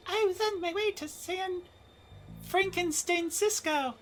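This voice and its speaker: A woman's voice: extremely high pitch, takes it slowly, faint music behind. A woman doing a chirpy morbid girl passenger. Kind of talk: reading game dialogue aloud.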